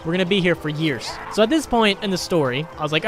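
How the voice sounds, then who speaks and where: A man's voice: on the high side, lively intonation, quick pace, few pauses, a little hiss or hum. A young man telling a crude, sarcastic story while he plays and comments on a game. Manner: crude, sarcastic, rambling anecdotes. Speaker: gaming YouTuber. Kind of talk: storytelling over gameplay commentary.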